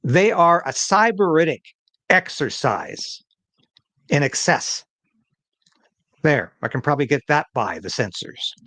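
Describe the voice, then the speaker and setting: A man's voice: fairly high pitch, animated, measured pace, pauses often, sharp tone, no room sound. Emphatic male commentary host, dry sound. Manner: emphatic, conversational. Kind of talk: political commentary.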